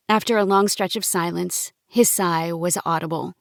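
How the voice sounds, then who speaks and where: A woman reading a first-person novel as an audiobook narrator, in a calm, measured storytelling manner. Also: lowish voice, creaky, dry recording, studio quality.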